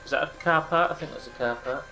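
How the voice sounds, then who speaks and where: A British man with a bright, forceful voice keeps up a running stream of dry, joking chatter as he plays a game live. His pitch sits in an ordinary middle range, and faint music plays under his talk. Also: quick pace, vocal fry. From Britain. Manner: dry, joking banter with chat. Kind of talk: casual live-stream commentary to chat.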